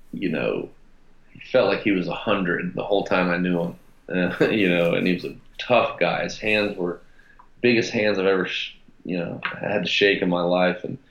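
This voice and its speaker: A man telling a story as a podcast guest, reflective and halting, with frequent restarts. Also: sits low, vocal fry. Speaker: podcast guest, gym founder. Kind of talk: casual storytelling interview. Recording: roomy, dull sound.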